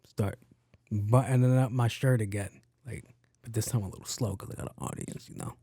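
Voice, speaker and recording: A man's voice: lowish voice, moderate pace, breathy edge, no room sound, studio quality. A man hosting a podcast, telling a story in a casual, profane way and acting out the other people's lines. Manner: animated, profane, acts out voices in his story. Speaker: podcast host.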